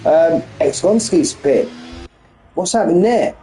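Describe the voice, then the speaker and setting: Mellow-voiced man commentating casually. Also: fairly high pitch, lively intonation, a little slow, soft background music, poor audio. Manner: bantering, repeats himself, chats with viewers. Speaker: sim racing commentator. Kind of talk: casual live-stream commentary.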